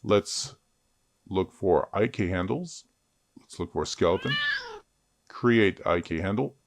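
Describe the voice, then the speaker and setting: A man teaches 3D character rigging in a screen-recorded tutorial, deep-voiced and slow with lively intonation and vocal fry. He stays chatty and makes self-joking asides while he works.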